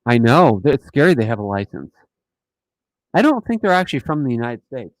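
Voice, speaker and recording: A man hosting a casual live stream, talking in an animated, mocking way and often repeating himself. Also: mid-range voice, a little fast, dry recording, poor audio. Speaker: host of a dashcam channel live stream.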